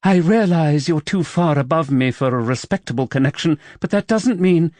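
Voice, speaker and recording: A woman's voice: low voice, expressive, normal speed, a little mellow, no room sound, pitched above the performer's own voice. A man voicing a proud, wary young widow who works as a paid companion, speaking tensely and defensively in an audiobook. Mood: distraught.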